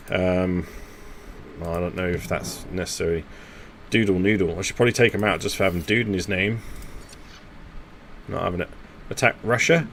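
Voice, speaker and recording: A man's voice: lowish voice, slight background noise. A man, chatting casually with teammates while live streaming a strategy game and thinking aloud. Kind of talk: casual gaming commentary talking to teammates.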